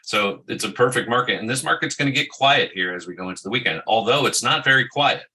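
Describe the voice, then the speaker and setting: A man's voice: medium pitch, lively intonation, fast talker, pushed and bright, low-quality recording. A man co-hosting a casual markets talk show, emphatic and full of trader jargon. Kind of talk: casual chat.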